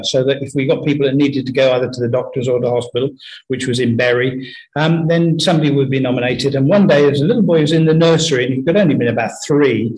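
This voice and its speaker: A man giving an earnest, conversational sermon full of stories, often pausing and restarting his sentences. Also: on the high side, poor audio. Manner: earnest, anecdotal, halting with many restarts. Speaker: preacher.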